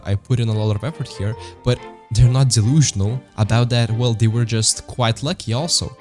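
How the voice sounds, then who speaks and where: A man with a fairly low voice talks through a reflective video essay. He argues his point and keeps putting rhetorical questions to the listener. Faint music runs quietly under his voice. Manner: argumentative, asks rhetorical questions. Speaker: channel host.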